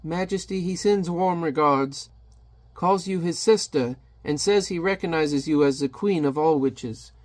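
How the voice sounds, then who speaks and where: Guy doing a nervous little goblin dude, stammers, kinda high. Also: a little slow, dry recording, lightly acted. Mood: formal. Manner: stammering, timid.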